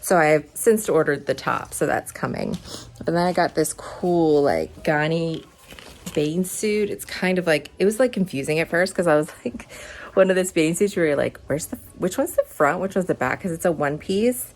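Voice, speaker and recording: A woman's voice: sits low, normal speed, darkish tone, a little hiss or hum. A woman vlogger chatting casually to her phone camera from her car and her home, with lots of "like" fillers. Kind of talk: casual vlog chat.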